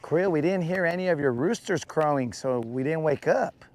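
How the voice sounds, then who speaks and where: A man's voice: on the high side, expressive, normal speed, darkish tone. A man hosting a fishing livestream outdoors on a lake, joking in slang and greeting viewers by name. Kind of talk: casual live-stream chat.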